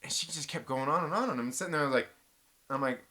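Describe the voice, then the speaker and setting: Bright-voiced man in a rambling live chat. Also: on the high side, quick pace. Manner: rambling, animated storytelling with restarts and mild cursing. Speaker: host. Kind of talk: casual live-stream chat reading viewer comments.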